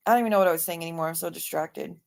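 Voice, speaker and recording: A woman's voice: fairly low pitch, racing, gravelly, a little mellow. Blunt, sarcastic woman livestreamer. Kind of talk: casual livestream chat.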